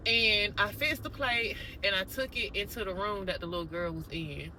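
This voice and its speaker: A woman vlogger casually telling a story straight to her viewers, animated and conversational. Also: medium pitch, normal speed, few pauses, a little hiss or hum, poor audio.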